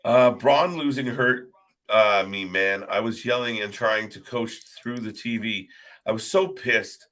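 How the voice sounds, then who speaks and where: A man with a fairly low voice rambling through wrestling talk as a stream co-host. He trips over his words and gets worked up in casual chat. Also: steady tone, unhurried, fairly bright tone.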